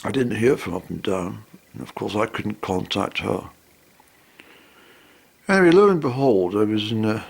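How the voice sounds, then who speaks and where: A man's voice: on the low side, vocal fry. A man telling a meandering story and acting out both sides of the conversation. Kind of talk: rambling spoken anecdote.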